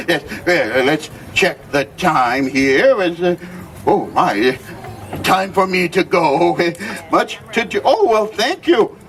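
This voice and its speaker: A man's voice: high-pitched, big pitch swings, slow pace, fairly bright tone, recorded from a distance, slight background noise, exaggerated voice. A man playing a jolly old Christmas gift-bringer, telling holiday stories to a live crowd with theatrical exclamations and frequent chuckles. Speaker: costumed storyteller. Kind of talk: live character storytelling to a crowd.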